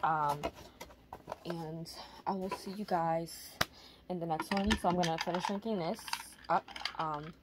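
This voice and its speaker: A young woman talks casually from her home, rambling easily with frequent ums. Her voice sits on the low side. Steady background noise runs under the recording. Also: a little slow. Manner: relaxed, rambling with many ums. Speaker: vlogger. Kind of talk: casual chat.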